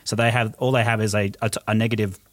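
A man's voice: lowish voice, level tone, fast, fairly bright tone, no room sound. An Australian man hosting a sports podcast, opening with a playful, theatrical intro before moving into casual chat. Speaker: podcast host.

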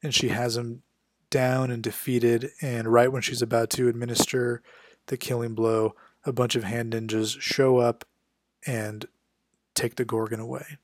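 A man giving a casual spoken recap of a comic book issue, quickly voicing the characters' lines as he goes. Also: mid-range voice, level tone, no room sound, clean studio sound. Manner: conversational, acts out characters' lines with quick quotes.

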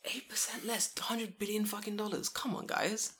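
A man telling stories in a casual podcast chat, animated and full of swearing. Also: high voice, normal speed, breathy edge. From English-speaking foreigner living in Japan.

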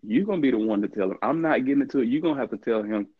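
Animated storyteller man, dull sound. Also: medium pitch, very fast, husky, no echo. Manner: animated storyteller, laughs often, acts out quoted dialogue. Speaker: interview guest, former college football player. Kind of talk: casual storytelling.

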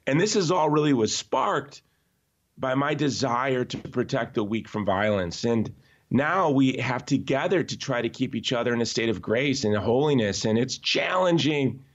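Man, podcast guest, emphatic and animated, mid-range voice, slightly dull lo-fi audio. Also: medium pitch, normal speed. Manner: emphatic, animated storyteller who often restarts sentences. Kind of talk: conversational podcast interview.

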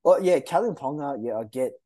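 An Australian man hosting a casual sports podcast, talking in a rambling, animated way with lots of restarts. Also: a little high, brisk, no echo. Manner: animated, rambling, mocks rival fans in a put-on voice. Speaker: podcast host.

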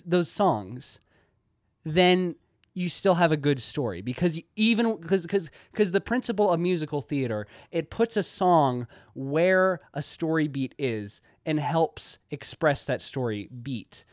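A man's voice: a little high, animated, a little slow, no echo, clean studio sound. A young man hosting a casual video essay, rambling with many "likes" and restarts.

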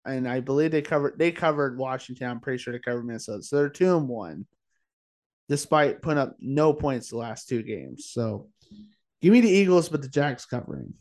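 A man's voice: mid-range voice, animated, darkish tone. A tired man co-hosting a casual sports-betting chat late at night, full of "like" and "uh" as he rattles off his picks. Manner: chatty, says "like" and "uh" often, fires off quick picks. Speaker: podcast co-host.

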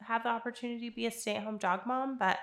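A young woman with a bright, forceful voice hosts a casual podcast chat, teasing and laughing with her guests. The room is noticeably echoey. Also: a little high, steady tone, fast. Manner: chatty, teasing, laughs often. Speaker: podcast host.

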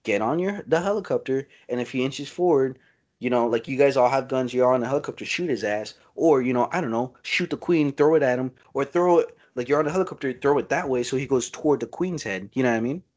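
A man chatting casually about a movie as a podcast co-host, excitable, swearing freely and calling his friend "dude" and "bro.". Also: medium pitch, quick pace, highs cut off. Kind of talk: casual movie review chat.

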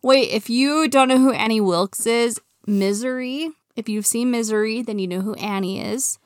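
A young woman chatting casually as a co-host, excitable and quick to exclaim. Her voice sits on the high side. The sound is close and dry, with no room around it. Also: no room sound. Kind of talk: casual chat.

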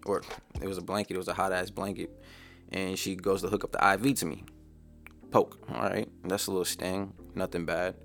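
A young man with a low, gravelly voice rambles through a story on his podcast, swearing freely and dropping slang as he goes. A faint beat plays quietly under his talk. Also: little pitch movement, fairly quick, faint music behind. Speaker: podcast host. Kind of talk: casual storytelling monologue. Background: faint background beat.

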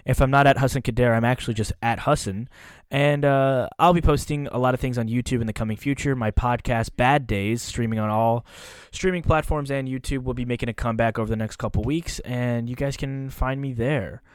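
A man's voice: medium pitch, fairly even intonation, fairly quick, clear, resonant tone, no room sound, clean studio sound. A man talking loosely and candidly as a podcast guest, swearing now and then. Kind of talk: casual podcast chat.

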